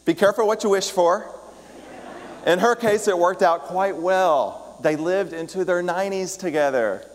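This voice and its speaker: A man's voice: high-pitched, normal speed. Man preaching in an echoing hall. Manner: storytelling, warm asides to the congregation, reads a letter aloud. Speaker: pastor. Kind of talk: sermon. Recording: reverberant hall.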